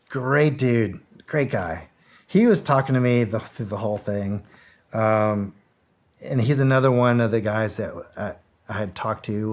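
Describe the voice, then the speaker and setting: A middle-aged man and former soldier telling stories as a guest in a casual interview, rambling, repeating himself and swearing freely. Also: fairly low pitch. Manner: rambling, repeats words, swears freely, acts out quoted dialogue.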